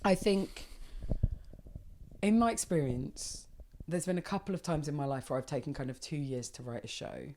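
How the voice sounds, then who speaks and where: A woman in her thirties, a stand-up comedian, talking casually and at length, animated and swearing freely. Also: deep voice, moderate pace, slight background noise. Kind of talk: casual conversation.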